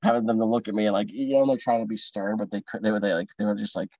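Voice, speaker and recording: A man's voice: fairly low pitch, fast talker, darkish tone, no echo, highs cut off. A young man on a podcast telling an embarrassing story in a rambling, laughing way, over a call. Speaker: podcast co-host. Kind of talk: casual storytelling chat.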